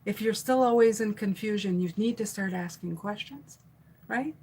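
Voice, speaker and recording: A woman's voice: mid-range voice, moderate pace, mellow, a little hiss or hum, low-quality recording. A middle-aged woman doing a live stream tarot reading, chatting loosely and reading out viewer comments with fillers and restarts. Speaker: tarot reader.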